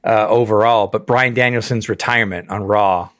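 A man with a lowish voice co-hosting a casual podcast, relaxed and reflective. The sound is dry and close. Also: moderate pace, no echo. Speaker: podcast co-host. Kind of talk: casual chat.

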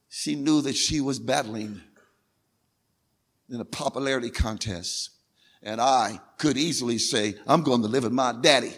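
A man's voice: mid-range voice, fairly bright tone, slightly rough. A man preaching a sermon as pastor, calling on the congregation to repeat words after him and repeating phrases for emphasis. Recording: long hall reverb from a big room.

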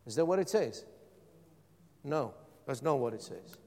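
A man's voice: mid-range voice, animated, a little slow, pauses often, warm tone. A man preaching a sermon as pastor, calling out questions to his congregation. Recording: long hall reverb.

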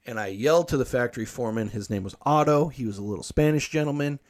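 A male podcast host talks casually and rambles with plenty of swearing. His voice sits at an ordinary middle pitch. He jumps between storytelling and reading articles aloud, tossing in quick asides. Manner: profane, rambling, animated when quoting himself.

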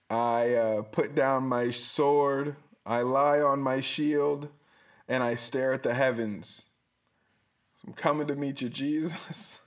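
A man hosting his own podcast alone, speaking from a small closet. He talks slowly and lets each thought wander, swearing freely and poking fun at himself. His voice sits in a middling pitch. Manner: profane, self-mocking, rambling. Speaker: podcast host. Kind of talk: solo rambling podcast monologue.

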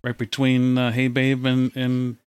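A man co-hosting a podcast, asking a guest questions in a relaxed, casual way. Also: medium pitch, unhurried, smooth, dry recording. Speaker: podcast co-host. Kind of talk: casual interview chat.

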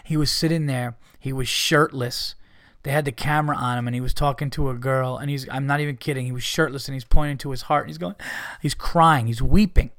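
A man's voice: fairly high pitch, normal speed, no room sound, studio quality. A man hosting a podcast, rambling casually with lots of swearing, fillers and restarts. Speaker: podcast host.

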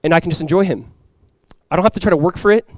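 This sermon comes from a young male pastor speaking rapidly in a slightly high voice, casually and with frequent "like" fillers. His volume swings from quiet, earnest lows to loud, excited highs, and the dry, close-to-mic sound has no room sound.

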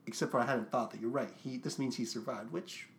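A man's voice: mid-range voice, brisk, a little hiss or hum. A young man co-hosting a casual podcast, rambling with lots of fillers and swearing. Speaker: podcast co-host.

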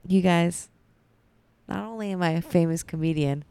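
A woman's voice: lowish voice, normal speed, dark tone, smooth. A woman comedian co-hosting a podcast, chatting casually in a playful, self-mocking way. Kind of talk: casual chat.

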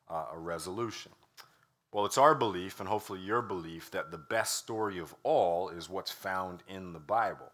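A man with a very deep voice delivers a church sermon, relaxed and conversational, his speech dotted with "uh" and "um". His voice sounds a little strained. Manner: conversational preaching with frequent "uh" and "um" fillers. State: slightly strained voice. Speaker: pastor.

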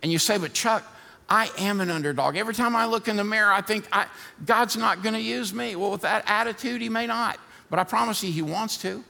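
A man preaching from a church stage, his voice gravelly with a bright, forceful edge. He swings between hard-driving shouts and a hushed prayer tone. The sanctuary adds a long reverb, and soft music plays faintly behind him. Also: high-pitched, brisk. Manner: builds to fired-up shouting, then softer prayer. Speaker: pastor. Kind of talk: sermon.

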